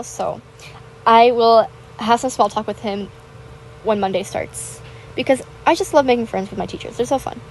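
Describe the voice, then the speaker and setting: A woman's voice: fairly high pitch, normal speed, creaky, a little hiss or hum, low-quality recording. A teenage girl chatting casually and bubbly about her school week while playing a game, retelling moments dramatically. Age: teens. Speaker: gaming vlogger. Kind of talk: casual chat over gameplay.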